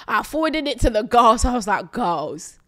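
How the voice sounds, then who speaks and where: Lively high-pitched young woman. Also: normal speed. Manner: animated storytelling, laughs a lot. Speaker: podcast co-host. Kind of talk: casual chat.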